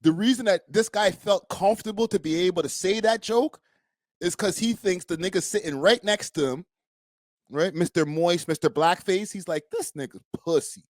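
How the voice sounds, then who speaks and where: A man's voice: sits high, normal speed, no echo, clean studio sound. Blunt, slangy young man. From Canada. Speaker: streamer host. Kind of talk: casual live-stream reaction.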